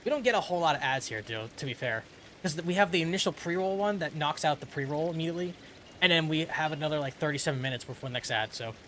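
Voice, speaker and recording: A man's voice: fairly high pitch, fast talker, fairly bright tone, a little hiss or hum. A man from the US streaming a video game, chatting casually with his viewers and reading game dialogue aloud. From United States. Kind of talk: casual gameplay commentary. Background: game music.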